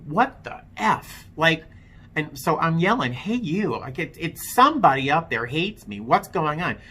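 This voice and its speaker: A man speaks straight to his viewers in a candid, conversational way, poking fun at himself as he goes. His voice has a bright, forceful edge. A faint hiss sits under the recording. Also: mid-range voice. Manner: frank, self-deprecating, conversational with many fillers. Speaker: vlogger telling his recovery story. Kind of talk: candid personal storytelling to camera.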